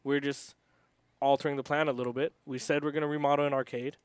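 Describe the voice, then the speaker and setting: A man's voice: medium pitch, flat delivery, fast talker, smooth, no room sound. Profane, combative man ranting at trolls. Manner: profane, combative, reading chat aloud. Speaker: arcade owner. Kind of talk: casual livestream rant.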